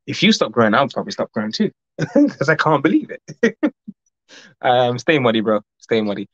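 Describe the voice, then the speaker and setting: A man hosting a casual livestream, reading out chat and greeting viewers by name, talking in a rambling, fast way. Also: medium pitch, big pitch swings, no room sound. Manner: rambling, warm greetings, frequent laughs; fast-talking, says his mouth runs fast. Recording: dull lo-fi dry recording.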